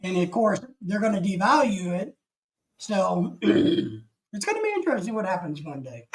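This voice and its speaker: A man's voice: sits high, sing-song, moderate pace, poor audio. A man from the United States hosting a casual live stream, rambling through opinions and reading chat comments aloud.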